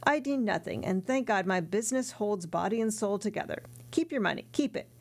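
A woman's voice: mid-range voice, lively intonation, a little fast, vocal fry. A woman voicing a sly, fawning young male tailor in an audiobook reading. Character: coarse sly male tailor neighbor, twenties.

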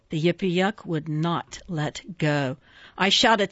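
A woman reading children's poems aloud in a playful, expressive sing-song way. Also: medium pitch, slow pace, no room sound, muffled recording. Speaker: reader.

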